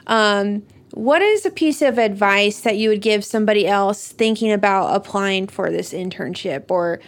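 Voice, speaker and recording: A woman hosts an interview in a friendly, conversational way. Her voice sits at a middle pitch, and she sounds easygoing as she puts questions to her guests. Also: moderate pace. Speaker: host.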